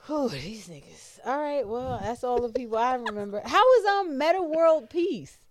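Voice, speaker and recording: Lively, profane young woman chatting. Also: high voice, moderate pace. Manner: blunt, profane, joking slang. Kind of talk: casual chat.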